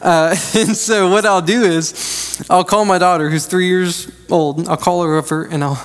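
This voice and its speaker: High-voiced male pastor in a big hall. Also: steady tone, normal speed. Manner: conversational and joking, with frequent restarts. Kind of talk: sermon. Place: church sanctuary. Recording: long reverb of a large hall.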